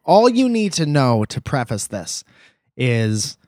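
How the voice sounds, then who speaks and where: A man's voice: medium pitch, sing-song, slow pace, darkish tone, no echo, clean studio sound. A man hosting a podcast, telling a rambling story in casual chat and often correcting himself mid-sentence. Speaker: podcast host.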